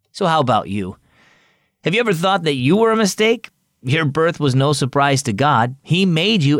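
A man hosting and reading a children's story in a gentle, reassuring way. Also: a little high, no room sound, clean studio sound. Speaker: host and storyteller. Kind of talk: scripted story narration for children.

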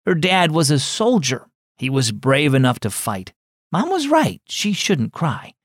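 Expressive narrator reading a children's story. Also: male voice, a little high, measured pace, no echo, studio quality. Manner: warm teaching tone for children. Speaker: narrator of a children's devotional program.

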